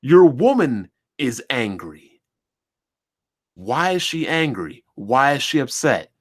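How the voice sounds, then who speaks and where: Animated man ranting with rhetorical questions. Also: medium pitch, slow. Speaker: commentary channel host. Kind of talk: opinion rant to camera.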